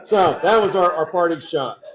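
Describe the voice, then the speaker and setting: A man, a state representative on a panel, telling an animated anecdote full of quoted asides. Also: fairly high pitch, moderate pace, heavy background noise. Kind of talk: storytelling on a panel.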